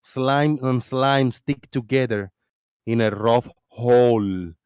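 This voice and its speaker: A man hosting a casual voice-chat stream, talking loudly and laughing often, with plenty of swearing, close to his desk microphone. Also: mid-range voice, slow pace, smooth, no room sound. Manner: loud, laughing, profane. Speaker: stream host.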